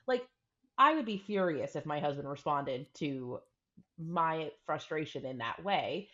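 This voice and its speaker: A woman's voice: deep voice, moderate pace, fairly bright tone. A woman co-hosting a podcast, talking things through earnestly in casual chat and often acting out quoted examples. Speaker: podcast co-host. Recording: dull lo-fi recording.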